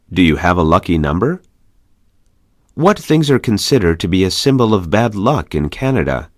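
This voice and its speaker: A lower-voiced man reads conversation questions aloud for a language course, his pitch rising and falling widely with each question. The delivery is measured and clear. The sound is close and dry, with no room around it. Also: darkish tone, no room sound. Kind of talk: scripted reading of practice questions.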